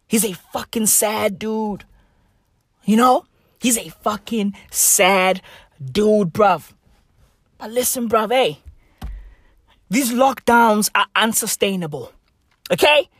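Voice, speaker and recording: A woman doing a comedic rant, full of slang and swearing, leaning on "bro" and "bruv", and swinging between shouts and whispers. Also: mid-range voice, lively intonation, slow pace, pauses often, no room sound, studio quality.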